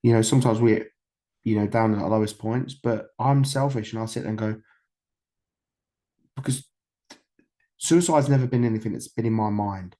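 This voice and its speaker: A British man in his thirties, guesting on a podcast, tells stories candidly in a mellow, fairly low voice at a moderate pace. He pauses often and rambles, with fillers, restarts and swearing throughout.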